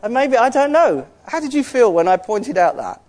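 A man's voice: extremely high pitch, animated, normal speed, a little mellow. A man preaching a sermon in an earnest, conversational way, with asides to the congregation.

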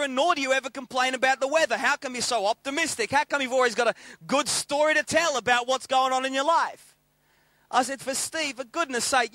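High bright-voiced preacher. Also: male voice, no room sound. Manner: lively anecdotal, acts out quoted dialogue. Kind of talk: sermon storytelling.

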